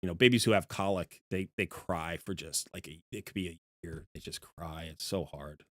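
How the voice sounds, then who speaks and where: A man's voice: low-pitched, normal speed, fairly bright tone, no room sound, clean studio sound. A man streaming live, chatting casually with his viewers in a rambling way, with many restarts and fillers. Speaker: streamer talking to chat.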